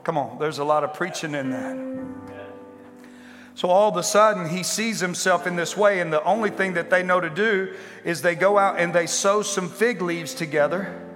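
A male pastor preaching a sermon to a congregation, building to impassioned shouting and repeated rhetorical questions. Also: high-pitched, normal speed, soft background music. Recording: live sermon in a reverberant hall with faint instrument.

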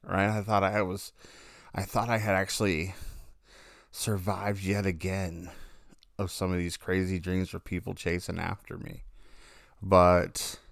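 A man's voice: deep voice, creaky, no echo, clean studio sound. A man casually telling a long, rambling story about his dreams, often correcting himself mid-sentence.

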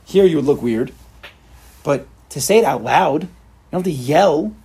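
A man leading an informal religious study group, animated and repetitive, acting out examples for his listeners. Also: fairly high pitch, moderate pace, slightly rough. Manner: animated, repeats himself, acts out examples. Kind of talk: informal religious class talk.

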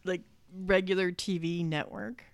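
A woman's voice: medium pitch, expressive, moderate pace, fairly bright tone, no room sound. A woman co-hosting a casual chat, easygoing, reading out a list with hesitant fillers. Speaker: podcast co-host.

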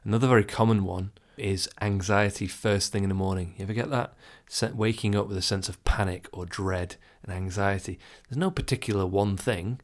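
A man's voice: on the low side, steady tone, fairly quick, few pauses. A man talking casually and reflectively about overthinking, chuckling now and then and acting out his inner thoughts. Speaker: self-help speaker. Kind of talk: casual advice talk to the listener.

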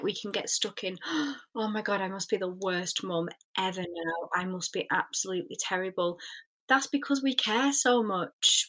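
A woman's voice: medium pitch, a bit bright. A young woman, a spiritual coach, talking earnestly and reflectively in a podcast interview, with many fillers.

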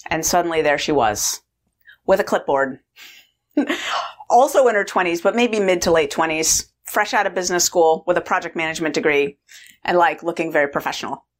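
A woman's voice: on the low side, normal speed. A woman in her forties telling a personal story on her vlog, acting out the voices as she goes. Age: 40s. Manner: animated storyteller acting out dialogue. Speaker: vlogger, weight-loss coach.

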